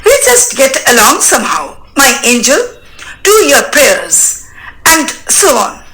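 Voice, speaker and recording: A woman's voice: high voice, sing-song, takes it slowly, sharp tone, heavily acted, rough recording. A woman reading a gushing old landowner, Stepan Stepanovich. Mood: effusive. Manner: showers endearments, rambling "and so on". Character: fussy older male landowner, effusive and gushing. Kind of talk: dramatic reading of a stage play.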